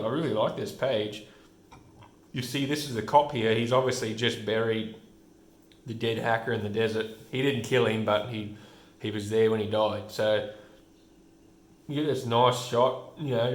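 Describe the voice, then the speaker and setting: A man casually reviewing a comic book, rambling with many restarts and frequent chuckles. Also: medium pitch. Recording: roomy room echo.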